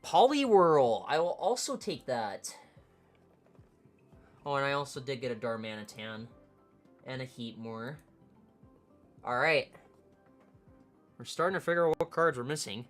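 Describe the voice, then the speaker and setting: A woman streamer giving casual, low-key commentary, murmuring card names half to herself. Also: sing-song, a little slow, pauses often, faint music behind.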